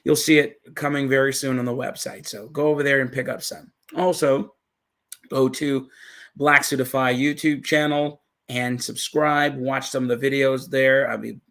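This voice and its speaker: Gravelly, bright-voiced man hosting. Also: medium pitch, little pitch movement, moderate pace. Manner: laid-back, chatty, frequent laughs. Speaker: livestream host. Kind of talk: casual livestream chat.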